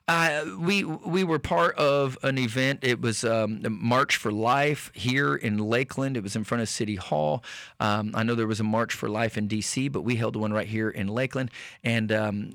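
A man hosting a radio talk show as a preacher, speaking in an earnest, slow, emphatic way with many fillers and restarts. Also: medium pitch, fairly bright tone, no echo, clean studio sound. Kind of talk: radio sermon-style talk.

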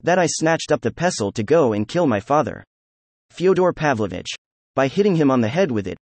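A man's voice: medium pitch, very animated, moderate pace, darkish tone, no echo. Guy reading a hotheaded young man, defiant, gloomy outbursts, dry close sound. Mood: exasperated. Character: hot-tempered, proud young man under questioning.

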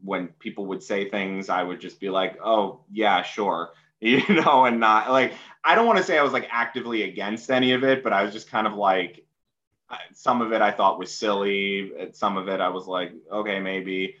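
A man from New City, a podcast guest talking casually and haltingly, full of ums and uhs. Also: fairly low pitch, sharp tone, muffled recording. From New York City. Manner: hesitant, lots of fillers and restarts. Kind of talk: casual conversation.

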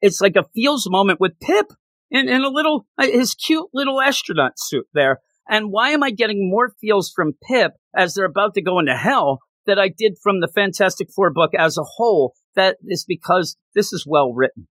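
The voice sits high and moves at normal speed as this podcast host casually reviews a comic book, enthusiastic to the point of gushing and full of stumbling restarts. The recording is dry.

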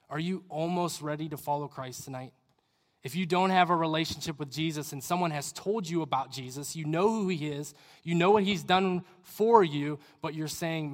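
Earnest young preacher in an echoey hall. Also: male voice, a little high, moderate pace. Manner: earnest, conversational, rambling asides. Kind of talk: sermon. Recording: reverberant hall.

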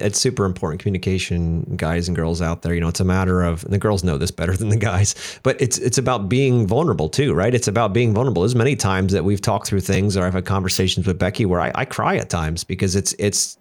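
A middle-aged man who runs a business, co-hosting a casual podcast and telling candid stories with acted-out quotes. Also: low voice. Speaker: business owner and podcast co-host.

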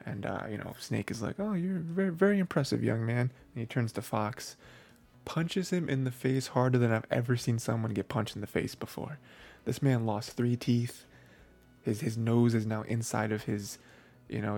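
Male host, mid-pitched, with some fry; chatty, excitable recap delivery. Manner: rambling, heavy on filler phrases, excitable. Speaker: podcast host. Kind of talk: casual anime episode recap.

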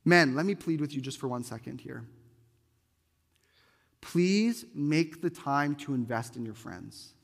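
A man delivering a sermon in a fairly high voice, reading scripture with weight and then pleading earnestly with the men in the room. His words ring out with a long reverb from the church hall around him. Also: lively intonation, measured pace, vocal fry, long pauses. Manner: earnest, pleading, reads scripture aloud with emphasis. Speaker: pastor.

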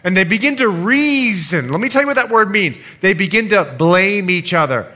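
A middle-aged man preaching a sermon in an animated way, swinging between loud passages and hushed ones and acting out the voices in the scripture. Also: high voice, normal speed, hardly any pauses.

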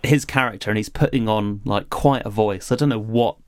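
A man's voice: lowish voice, brisk, clean tone, no room sound. A man, co-hosting a podcast, talking thoughtfully and animatedly with some laughter. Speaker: podcast co-host. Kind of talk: casual podcast review chat.

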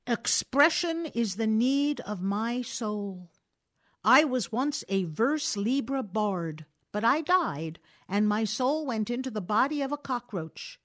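A woman's voice: a little high, animated, takes it slowly, a bit bright. A woman reading aloud, voicing an earnest male cockroach poet declaiming free verse.

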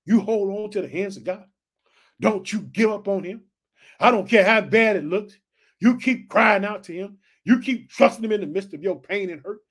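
A man with a notably high voice preaches with fire, reading scripture aloud and breaking off to call out to his listeners again and again. His delivery is exclamatory and urgent, driving each point home with repetition. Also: moderate pace, fairly bright tone. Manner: exclamatory, repeats calls to the listeners. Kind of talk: fiery sermon with scripture reading.

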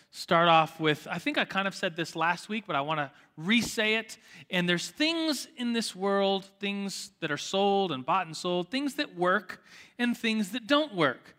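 Middle-aged male Sunday school preacher, fairly high, bright and forceful voice, casual and animated, long reverb of a church hall. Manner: casual, animated storytelling with rising exclamations. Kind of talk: sermon.

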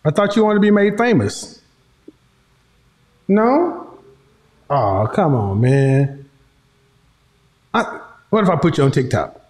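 A man talks slowly and playfully, teasing, mocking and laughing between lines. His voice sits high and swings widely. The room around him is echoey. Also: sing-song, a little mellow. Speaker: host. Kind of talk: casual commentary.

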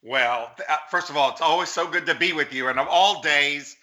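Middle-aged male guest, earnest and effusive, very bright, slightly high voice. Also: a little fast. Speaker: political commentator guest. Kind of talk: talk show interview.

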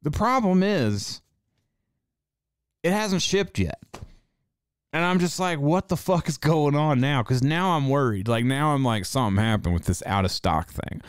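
A man who runs a tattoo shop, hosting a casual monologue and telling a story in a profane, animated way. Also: mid-range voice, measured pace, clear, resonant tone, no echo, studio quality. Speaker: podcast host.

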